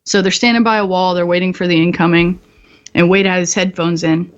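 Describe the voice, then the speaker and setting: A woman's voice: fairly low pitch, fairly even intonation, fairly quick, muffled recording. A woman guest on a podcast, telling stories in a candid, profane way and laughing often. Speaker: podcast guest, military veteran. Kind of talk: casual storytelling.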